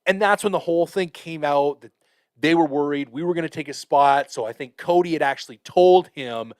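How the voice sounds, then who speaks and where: A man with a slightly high voice tells a long story on a podcast. His delivery is casual and animated, full of swearing and fillers. The recording is dry and close. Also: fairly quick, clean tone, no room sound. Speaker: podcast host.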